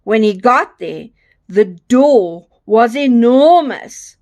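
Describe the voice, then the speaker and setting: Slow, high-voiced woman reading a children's story. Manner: slow, expressive read-aloud.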